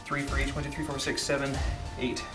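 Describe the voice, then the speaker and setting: A man's voice: medium pitch, flat delivery, brisk, reverberant, music in the background. A man and wargame player tallying up the score after a tabletop game, hesitant and friendly, counting aloud. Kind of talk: casual post-game chat.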